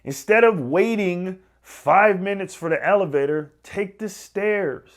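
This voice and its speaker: A man's voice: high-pitched, lively intonation, measured pace, few pauses. A man talking as a fitness coach, giving an emphatic, repetitive motivational talk to camera.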